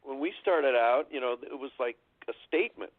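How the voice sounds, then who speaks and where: A man's voice: medium pitch, brisk. Older man telling stories over a phone line. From Southern California. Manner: relaxed and chatty, laughs while telling stories. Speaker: guest musician. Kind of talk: casual radio interview storytelling. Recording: dry phone-line sound.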